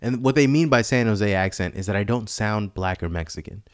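A man's voice: on the low side, fairly quick, no room sound, studio quality. A man from the Bay Area telling stories in a casual chat, profane and self-mocking. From San Francisco Bay Area.

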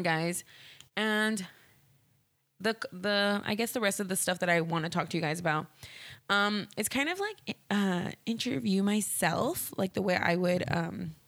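A woman's voice: fairly low pitch, dry recording. A woman hosting a solo podcast, telling stories in a candid, rambling way full of "like" and restarts. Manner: candid, rambling, heavy use of "like". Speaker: podcast host. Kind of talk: casual solo podcast storytelling.

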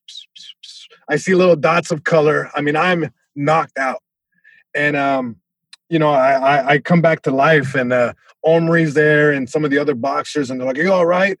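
A male comedian guest telling a story in an animated way, with many restarts and sound effects. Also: on the high side, dry recording.

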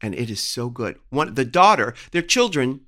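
A man's voice: medium pitch, very animated, moderate pace, bright, forceful tone. A man co-hosting a podcast, gossiping casually about a TV show and swearing now and then. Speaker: podcast co-host. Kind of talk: casual chat.

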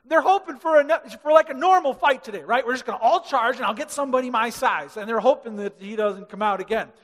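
A man preaching a sermon to a congregation, animated, acting out quoted voices and swinging from loud to hushed. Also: very high-pitched, fast talker, in a large hall. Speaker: pastor. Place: large church hall.

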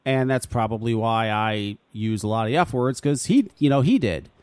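Laid-back swearing talk radio host. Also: male voice, mid-range voice, lively intonation, moderate pace, darkish tone, no room sound. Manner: laid-back, profane, laughs often.

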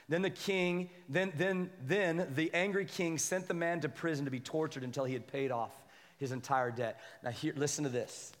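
A man delivers an animated sermon in a church, reading scripture aloud and asking the congregation to respond. His voice sits a little high, and a long reverb hangs after his words. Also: normal speed. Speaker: pastor.

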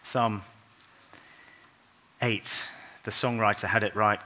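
Bright-voiced man giving a sermon. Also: mid-range voice. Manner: earnest, unhurried storytelling with soft, quiet passages. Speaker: preacher. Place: church.

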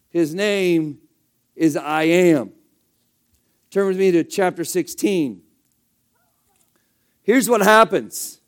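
A man with a high voice preaches a sermon. He talks in a relaxed, conversational way and keeps tossing rhetorical questions at his listeners. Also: takes it slowly, long pauses. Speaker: pastor.

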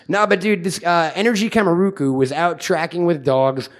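A man's voice: fairly high pitch, steady tone, moderate pace. A man hosting a comedy podcast, rambling and joking crudely with plenty of fillers. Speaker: podcast host. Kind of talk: casual comedic banter.

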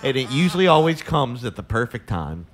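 A man's voice: mid-range voice, big pitch swings, fairly quick, slight background noise. A man co-hosting a casual podcast who runs the sound clips, rambling and easygoing as he explains things. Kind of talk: casual chat.

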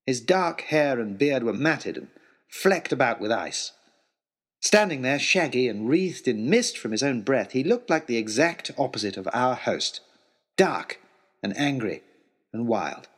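A man narrating a children's adventure story in an expressive storytelling way. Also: mid-range voice, measured pace, slightly rough.

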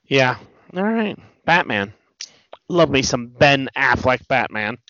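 A man hosting a casual chat about movies, talking in an animated way and swearing freely. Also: mid-range voice, slow pace, no room sound. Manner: animated, swearing, quotes movie lines in mock voices. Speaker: podcast host. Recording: dull lo-fi sound, dry.

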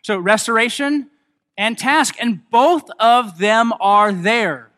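A man's voice: very high voice, takes it slowly, bright, forceful tone. A man preaching a sermon as pastor, in a casual, self-deprecating way with many fillers.

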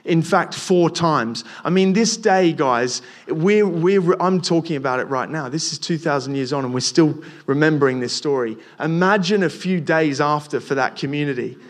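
A man's voice: fairly high pitch, moderate pace, few pauses. A young man preaching a casual sermon, talking to the listeners conversationally with frequent restarts and repeated words.

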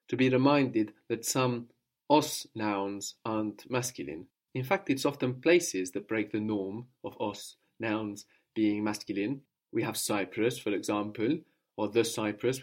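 Guy teaching a language class, patient, walks through grammar bit by bit and quizzes the student. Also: mid-range voice. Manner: patient, explains step by step and prompts the learner. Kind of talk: spoken language lesson.

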